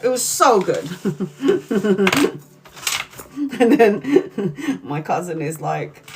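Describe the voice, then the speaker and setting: A woman's voice: mid-range voice, big pitch swings, drawn-out words, over music. A middle-aged woman tarot reader on a live stream, telling a story with lots of swearing and laughter.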